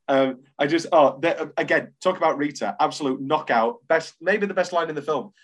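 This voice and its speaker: Animated man hosting a film podcast. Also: a little high, normal speed, hardly any pauses. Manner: animated, quoting lines with lots of restarts. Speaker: podcast host. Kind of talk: casual film chat.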